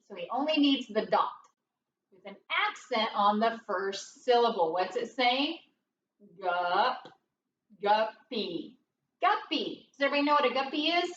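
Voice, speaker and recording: A woman teaching a phonics lesson, slowly working through each word aloud and thinking it over as she goes. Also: on the high side, fairly bright tone. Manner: slow, deliberate, thinking aloud. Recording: dull, roomy, distant mic with faint noise.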